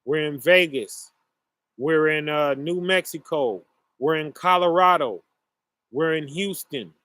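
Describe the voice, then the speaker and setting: Dude rambling slow to his viewers, lots of uh and y'all, dry sound. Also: a little high, a bit bright, no room sound. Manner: slow, rambling, many fillers, addresses audience as y'all. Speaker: online show host. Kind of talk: casual monologue to viewers.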